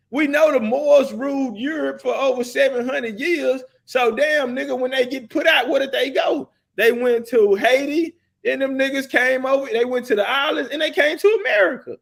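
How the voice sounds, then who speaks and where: A man's voice: very high-pitched, normal speed, gravelly, hardly any pauses, a bit bright. A male show host in a heated debate, arguing hard, talking over his guest in slangy speech. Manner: argumentative, talks over the other man, slangy.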